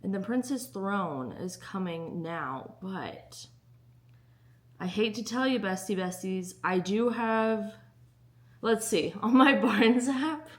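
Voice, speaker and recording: A woman's voice: medium pitch, takes it slowly. A young woman chatting casually in a book vlog, bubbly and giggly. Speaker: book vlogger.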